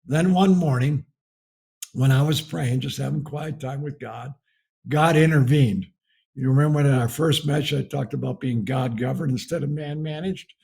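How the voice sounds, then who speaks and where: With a medium-pitched voice that's darkish, breathy-edged, and marked by vocal fry, a middle-aged man from the US preaches a folksy storytelling sermon on marriage. He keeps chuckling as he tells his story, speaking at normal speed.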